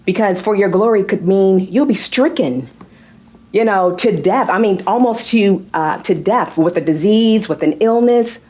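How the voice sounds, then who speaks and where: Woman, talk show host, mellow warm voice, encouraging, affirming. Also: mid-range voice, moderate pace. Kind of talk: interviewing guests.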